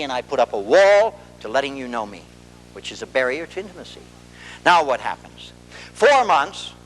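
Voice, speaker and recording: A man with a fairly high voice gives a public talk, his pitch swinging widely as he acts out little scenes. His words ring with long reverb through a big hall. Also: slight background noise. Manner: animated storyteller who acts out dialogue. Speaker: marriage and family therapist giving a talk. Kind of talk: public lecture.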